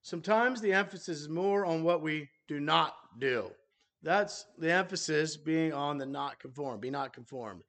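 A male preacher delivers a sermon at a slow, considered pace, often pausing mid-phrase and starting over. His voice sits a little higher than most men's. He speaks plainly to the men in his congregation. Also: a bit bright. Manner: measured, halting delivery with restarts and pauses.

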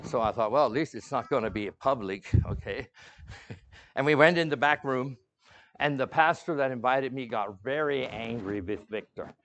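A middle-aged male pastor preaching a sermon, telling a story with swings from hushed, soft lines to loud outbursts. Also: mid-range voice, moderate pace.

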